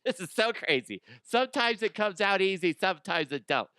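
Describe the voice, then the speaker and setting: A man's voice: sits high, sing-song, a little fast, sharp tone, smooth, dry recording, studio quality. A man hosting a comedy news show, ranting casually and profanely, rambling and acting out imagined people.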